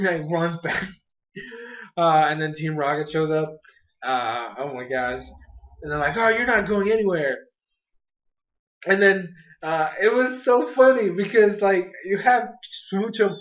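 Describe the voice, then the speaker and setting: A young man casually recapping an anime episode, excitable and rambling, with lots of fillers and quick character impressions. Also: on the high side, dull audio.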